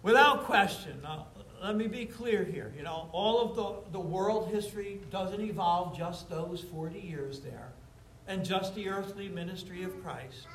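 A man preaching a sermon to his congregation, emphatic, with slow drawn-out stresses and casual asides to the room. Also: sits high, a bit bright. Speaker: pastor. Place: church sanctuary before a congregation. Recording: roomy echoey church sound.

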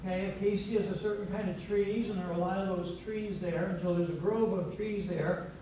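A man's voice: high voice, steady tone, fairly quick, mellow, a little hiss or hum. A man preaching a sermon as pastor, playful and teacherly, coaxing his congregation to repeat words after him. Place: church sanctuary. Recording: very echoey church, distant from mic.

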